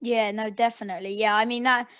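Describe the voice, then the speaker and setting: A woman hosting a casual interview with a somewhat higher voice than most women. She talks in halting bursts and restarts her sentences often, reacting with sympathy to her guest. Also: flat delivery, fairly bright tone, smooth, lo-fi sound.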